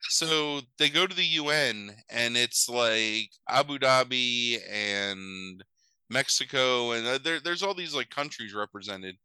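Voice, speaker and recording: A man with a very bright, sharp tone retells a film's plot in loose, rambling conversation, peppered with swearing and "like" and "um". His voice comes through smooth and crisp, recorded dry with almost no room sound. He talks like a podcast host at ease with a co-host. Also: medium pitch, a little slow, no echo, low-quality recording. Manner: rambling, profane, full of fillers and asides. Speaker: podcast host recapping a film. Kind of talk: casual chat.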